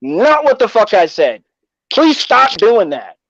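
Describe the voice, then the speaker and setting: An indignant man arguing back, his pitch swinging widely as he protests. The audio comes through dull and lo-fi, dry and close. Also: wildly swooping pitch, slow, fairly bright tone, no echo. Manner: indignant, defensive, profane. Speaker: podcast co-host. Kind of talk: heated casual argument.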